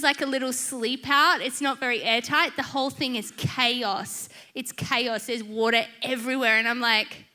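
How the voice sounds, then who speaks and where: High bright-voiced woman preaching. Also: clear, resonant tone. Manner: lively, humorous, chatty storytelling. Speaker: church speaker. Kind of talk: sermon with personal storytelling.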